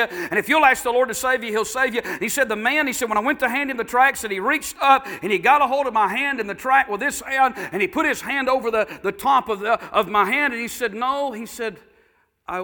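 Preacher guy, high bright voice, folksy storytelling sermon that builds up loud. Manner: folksy, builds to shouting fervor.

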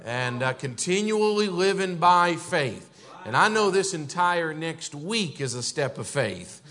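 A man, a visiting pastor from the northern United States, speaking from a church pulpit, filling his talk with "and, uh" and rising louder and higher when he exhorts. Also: lively intonation, a little slow. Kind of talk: church pulpit greeting and testimony. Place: church sanctuary.

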